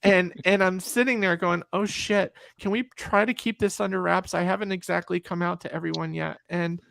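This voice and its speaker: A middle-aged woman tells a story to friends, her voice gravelly and full of fry. She acts out each quote and often restarts her sentences. The sound is dry and close. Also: fairly low pitch, fairly even intonation, normal speed, a bit bright, no room sound. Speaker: guest. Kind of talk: casual storytelling on a group call.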